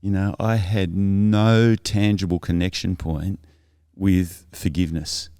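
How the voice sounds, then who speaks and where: Man, podcast guest, low smooth voice, earnest and reflective, dry close sound. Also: steady tone, slow, mellow, dry recording. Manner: earnest, thoughtful, with frequent self-corrections. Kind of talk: reflective interview storytelling.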